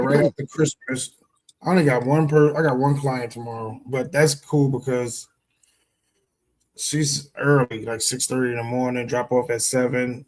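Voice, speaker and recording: A man's voice: medium pitch, a little hiss or hum, low-quality recording. Laid-back, foul-mouthed man chatting. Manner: laid-back, swears freely. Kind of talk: casual chat.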